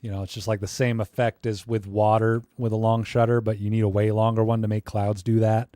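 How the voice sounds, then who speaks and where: A man's voice: lowish voice, flat delivery, a little fast, dark tone, dry recording, studio quality. A young man chatting casually on a live stream, critiquing viewers' photos with joking asides and rants.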